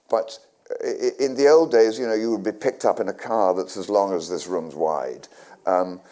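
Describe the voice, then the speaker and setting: A man's voice: deep voice, warm tone. Older English man telling wry stories. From England. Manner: rambling anecdotes with frequent restarts and dry humour. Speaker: guest actor. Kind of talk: storytelling on stage. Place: community centre hall with live audience.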